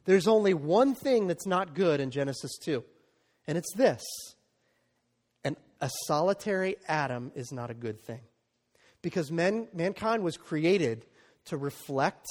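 A man with a notably high voice preaches to his congregation, talking in a loose, conversational way and checking in with the room as he goes. The sound carries a long reverb, as if caught in a large church hall. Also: a little mellow. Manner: conversational preaching with frequent "right?" and "okay?" asides. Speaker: pastor. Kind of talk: sermon.

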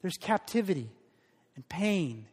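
A man's voice: sits high, sing-song, unhurried, a little mellow, breathy edge. A man preaching a sermon as pastor, earnest and emphatic, leading the congregation in call-and-response declarations. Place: church sanctuary. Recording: hall reverb.

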